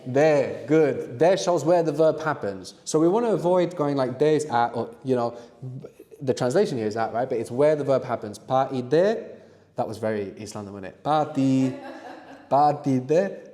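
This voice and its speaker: A man leads a language class, prodding his students with questions and asking them to work things out aloud. His voice is mellow and relaxed, and the room around him rings with a long reverb. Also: medium pitch, moderate pace. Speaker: language teacher. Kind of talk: live classroom teaching workshop.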